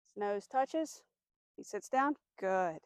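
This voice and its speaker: A woman dog trainer giving a demonstration outdoors, explaining steps clearly, giving firm commands and soft praise to the dog. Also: mid-range voice, expressive, takes it slowly, no echo.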